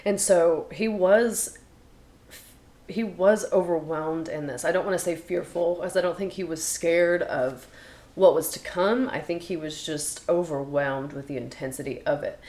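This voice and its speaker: A woman's voice: lowish voice, measured pace, darkish tone. A woman co-hosting a podcast, retelling and discussing Bible passages in a casual, chatty way. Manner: chatty, retells scripture in her own words. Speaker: podcast co-host. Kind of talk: casual Bible study chat.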